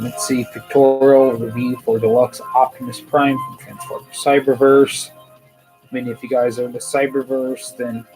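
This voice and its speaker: A man's voice: mid-range voice, poor audio. A man hosting a casual toy news show, rambling and hesitant, with many fillers, tired and yawning. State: sleepy, yawning.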